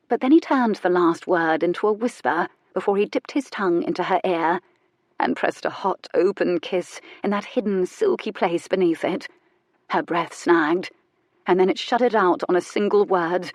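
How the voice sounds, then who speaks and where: A woman reading a romance audiobook in a soft, measured, intimate narration. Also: on the low side, no echo.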